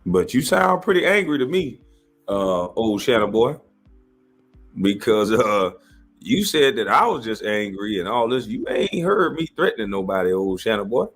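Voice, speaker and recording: A husky man, ranting in mocking commentary and putting on high voices to mimic others. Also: very animated, normal speed, soft background music. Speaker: commentator reacting to a controversy. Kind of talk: animated rant commentary.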